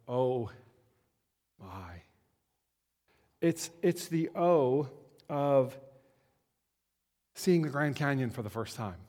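A man giving a conversational Christmas sermon as a pastor, slowing down to stress key words. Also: medium pitch, a little mellow. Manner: conversational, slows down for emphasis. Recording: long hall reverb.

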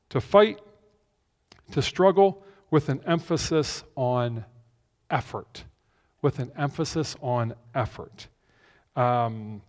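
A male pastor giving a conversational sermon, repeating key phrases for emphasis, in a church. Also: medium pitch. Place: church with a screen behind him. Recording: long reverb of a large hall.

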